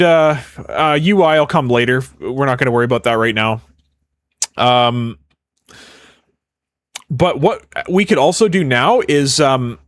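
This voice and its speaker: A young man with a Canadian accent talks through a game-building stream in a loose, joking, rambling way. His voice sits at a middling pitch and is recorded dry and close. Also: no room sound. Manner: casual, rambling, quick to joke. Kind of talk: live coding stream chat.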